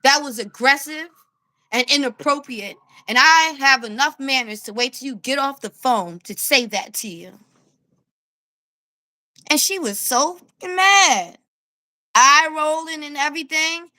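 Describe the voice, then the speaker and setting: High bright-voiced New York woman ranting. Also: measured pace. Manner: animated storytelling, laughing often, blunt and profane. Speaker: street vlogger. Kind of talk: casual rant to camera.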